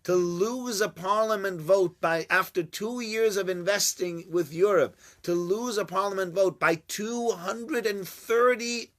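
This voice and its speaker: A man's voice: high-pitched, unhurried, few pauses, a bit bright. A man giving an informal Torah class, chatty and joking with his listeners. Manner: chatty, jokey, banters with listeners. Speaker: Torah teacher.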